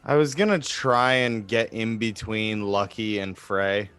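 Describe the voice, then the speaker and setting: A man playing a tabletop game, relaxed and swearing casually. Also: lowish voice, measured pace, smooth, faint music behind. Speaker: player.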